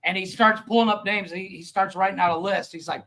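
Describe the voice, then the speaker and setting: A man's voice: sits high, steady tone, a little fast, vocal fry, hardly any pauses, a bit bright, low-quality recording. A man co-hosting a comedy podcast, rambling through funny video stories and laughing as he goes. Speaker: podcast co-host. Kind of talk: casual comedic chat.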